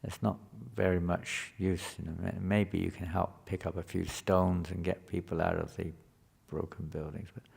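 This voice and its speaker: A man's voice: deep voice, creaky, a little mellow, breathy edge. A man teaching a scripture class to a live group in a conversational way, often asking the listeners questions.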